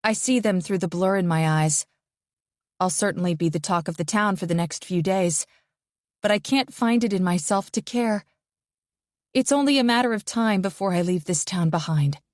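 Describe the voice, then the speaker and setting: A woman narrating a first-person psychological thriller audiobook in a tense, measured way. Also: lowish voice, a little mellow, no echo, clean studio sound.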